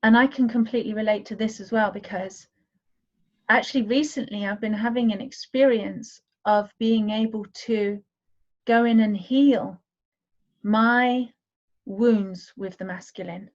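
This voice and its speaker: A woman's voice: medium pitch, fairly even intonation, measured pace. A woman in a healing circle on a video call, speaking earnestly and affectionately to the others. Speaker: participant in a women's healing circle. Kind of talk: emotional sharing in an online circle. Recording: dull lo-fi sound.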